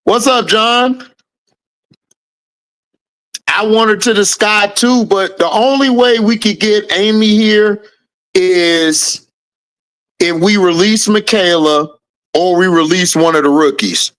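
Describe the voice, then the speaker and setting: Slow, high-voiced man chatting with viewers. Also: a bit bright. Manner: reads out viewer names and answers chat, laughs often. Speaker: livestream host. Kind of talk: casual live-chat commentary.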